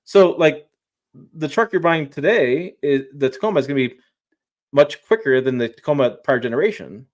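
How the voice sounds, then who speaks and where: A man's voice: a little high, lively intonation, moderate pace. A man talking trucks as a journalist guest in a casual live-stream chat, emphatic and rambling, often restarting his sentences.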